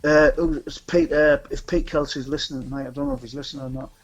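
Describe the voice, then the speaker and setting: A man's voice: fairly high pitch, fairly even intonation, fast, slightly rough, highs cut off. A man with a North East English accent, raised in Scotland, chatting casually as a guest about a charity music event, rambling with many ums and restarts. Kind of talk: casual chat.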